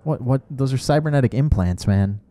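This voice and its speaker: A man with a medium-pitched, dark-toned voice speaks briskly and with animation, with no echo. He's a co-host casually commenting on gameplay, good-humored and loose, often restarting his sentences.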